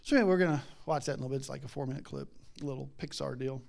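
A man's voice: medium pitch, racing, creaky, darkish tone. A middle-aged man preaching a casual sermon, chatty and rambling, laughing often and acting out voices in his stories. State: has a daughter.

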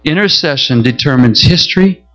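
Male pastor, middle-aged, sermon; expressive storyteller, slightly high voice, soft music bed. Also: normal speed, low-quality recording. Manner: animated storytelling, shifting from calm to emotional pleading.

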